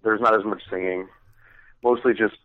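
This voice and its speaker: A man's voice: fairly low pitch, steady tone, normal speed, phone-quality sound. A man co-hosting a podcast in casual banter, joking, rambling and swearing freely. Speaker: co-host.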